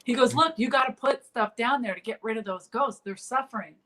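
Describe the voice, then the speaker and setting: A woman's voice: fairly high pitch, a little fast, a bit bright, low-quality recording. A woman comedian in a casual interview, telling stories full of fillers and restarts over a remote call. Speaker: comedian guest.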